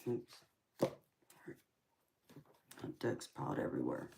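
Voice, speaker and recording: A woman reading tarot on a live stream, chatting casually with viewers and calling them sweetheart and honey, murmuring quietly as she tidies her cards. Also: takes it slowly, slight background noise.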